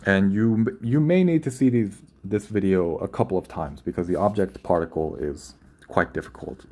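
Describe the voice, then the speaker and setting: A man's voice: low-pitched, normal speed, dark tone. A young man teaching a grammar lesson, explaining patiently and often repeating or correcting himself. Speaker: Korean language teacher.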